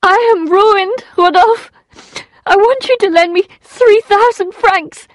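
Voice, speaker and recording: A woman reading an audiobook, voicing a ruined young woman who pleads high and strained through tears. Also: measured pace, a little mellow, dry recording. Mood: desperate. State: weeping.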